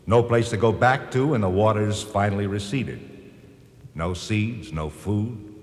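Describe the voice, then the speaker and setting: Man doing history personified, earnest, lowish voice, lots of reverb. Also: a little slow, natural voice. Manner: earnest, gently correcting. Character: reflective male personification of American history. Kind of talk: scripted drama narration. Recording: long reverb.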